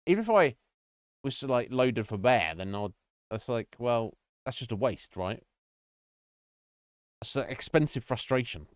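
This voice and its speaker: A man's voice: medium pitch, animated, unhurried, pauses often, dry recording, clean studio sound. A man streaming a horror game, chatting casually, rambling and swearing often as he laughs at himself. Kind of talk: casual live gameplay chat.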